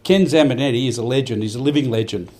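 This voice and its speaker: A man's voice: medium pitch, fast talker, a little mellow. An older Australian man giving a rambling, heartfelt speech at a farmers' awards night, with many restarts. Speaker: event organiser giving a speech. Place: event hall.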